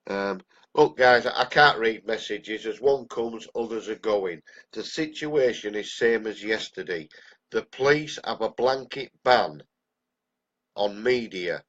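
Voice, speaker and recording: A man's voice: on the low side, unhurried, fairly bright tone. An older man with an English accent and a cold, ranting bluntly and angrily on a live stream. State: has a cold. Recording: dull lo-fi live-stream audio.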